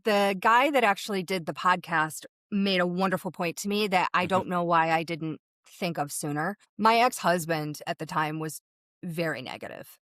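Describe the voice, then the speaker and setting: A woman's voice: fairly low pitch, moderate pace, a bit bright, dry recording, clean studio sound. Woman medium telling her story vividly. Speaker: guest medium. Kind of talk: recounting a personal experience in an interview.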